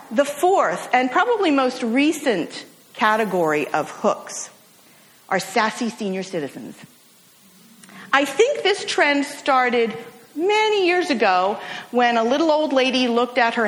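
Brief: woman preacher, humorous storytelling, slightly high voice, reverberant hall. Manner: animated, humorous storytelling with acted quotes. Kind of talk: storytelling sermon.

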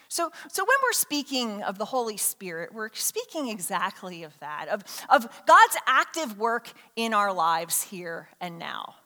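A woman's voice: on the high side, pushed and bright. A woman pastor preaching a sermon in a conversational way, with many fillers and restarts. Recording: long hall reverb.

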